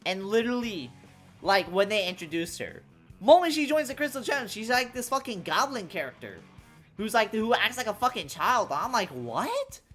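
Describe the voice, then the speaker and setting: Animated ranting young woman streamer. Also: medium pitch, moderate pace, faint music behind. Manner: ranting, profane, animated, says "bro" often. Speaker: game streamer. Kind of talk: casual live-stream commentary while gaming.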